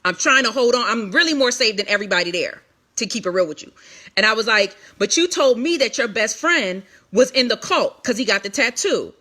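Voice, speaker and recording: A woman ministry leader gives an emphatic, candid testimony to an online audience, often restarting and repeating phrases. Her voice is on the high side, expressive, bright and forceful.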